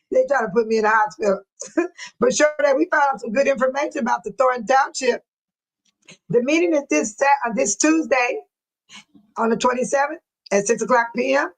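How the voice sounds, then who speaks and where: A woman's voice: on the high side, poor audio. A woman in her sixties from the Chicago area, hosting a casual livestream, chatting and laughing often while reading viewer comments. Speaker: livestream host.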